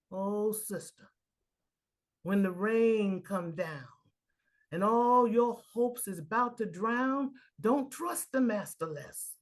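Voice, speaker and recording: Slow, earnest woman reciting poetry. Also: mid-range voice. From Baltimore, Maryland. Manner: earnest, builds to loud emphatic lines. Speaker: poetry reader in a readers' theater. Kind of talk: reflective talk and dramatic poetry recital.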